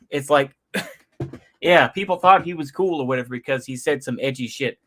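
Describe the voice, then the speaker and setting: This man reacts on YouTube in a loose, slangy ramble, with frequent sighs and quiet chuckles. His voice has a medium pitch, and he talks at a normal speed.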